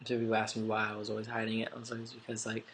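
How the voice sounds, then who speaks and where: Man, stuffy nose, casual vlog talk, rambling with lots of "like", flat delivery, faint hiss behind. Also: fairly low pitch, rapid-fire. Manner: rambling, full of "like" and casual swearing. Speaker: vlogger. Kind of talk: casual confessional storytelling.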